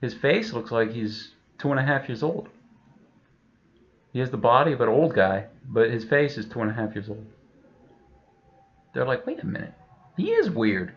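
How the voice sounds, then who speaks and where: A man's voice: mid-range voice, moderate pace, pauses often, dull audio. A man telling a rambling, profane comic story, full of fillers. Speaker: comedian.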